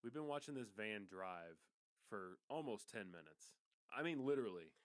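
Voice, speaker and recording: Smooth low-voiced man, easygoing movie chat. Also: moderate pace, no echo. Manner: laughs easily, relaxed storytelling. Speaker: podcast co-host. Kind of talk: casual movie review chat.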